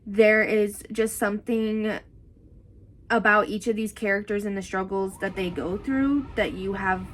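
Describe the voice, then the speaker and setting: A woman's voice: medium pitch, fairly even intonation, measured pace, low-quality recording. Young woman rambling about a book she loved, recorded outside, wind noise faintly behind her. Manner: chatty, gushing, rambling with many "like"s. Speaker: book vlogger. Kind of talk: casual book review chat. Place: outdoors in strong wind.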